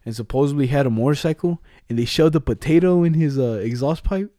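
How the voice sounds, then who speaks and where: A man's voice: fairly high pitch, fast, warm tone, no room sound, studio quality. A young man in casual chat, telling school stories with lots of slang and laughter.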